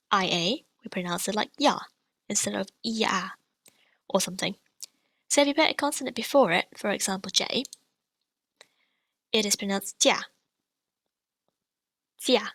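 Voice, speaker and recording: Woman teacher with a gravelly edge. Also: medium pitch, fairly bright tone, no room sound. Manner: clear, patient explanations with demonstrated sounds. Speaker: language teacher. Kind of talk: scripted lesson narration.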